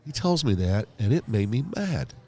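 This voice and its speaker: With a mid-range voice at a moderate pace, this pastor and leadership author, a podcast guest, animatedly recounts his story and performs the quoted lines of others.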